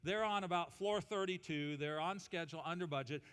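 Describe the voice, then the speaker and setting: Brief: energetic male pastor, jokey sermon, high bright voice, big church reverb. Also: brisk, clear, resonant tone. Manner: animated, humorous, leads congregation in call-and-response. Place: church auditorium.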